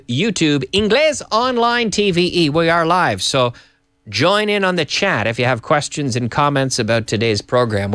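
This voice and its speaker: A man hosting a live English lesson from an office, explaining pronunciation in an animated, repetitive way and slipping in Spanish phrases. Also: on the high side, dry recording. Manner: animated, repeats and restarts, slips in Spanish phrases. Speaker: English teacher and show host.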